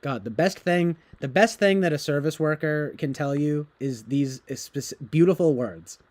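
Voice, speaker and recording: A man's voice: on the high side, a little slow, darkish tone. A young man streaming, chatting casually in a rambling, profane way and laughing often.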